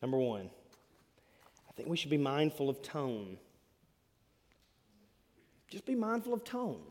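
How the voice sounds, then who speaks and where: A man, preaching a sermon as pastor, telling stories with big swings between loud and hushed delivery. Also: fairly high pitch, huge pitch swings, measured pace. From Alabama. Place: church hall. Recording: long hall reverb.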